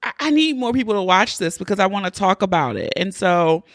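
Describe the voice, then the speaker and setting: A woman's voice: mid-range voice, sing-song, brisk, no room sound. A woman hosting her own podcast, talking in a playful, chatty and freely profane way into a close mic. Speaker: podcast host. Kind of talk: casual podcast monologue.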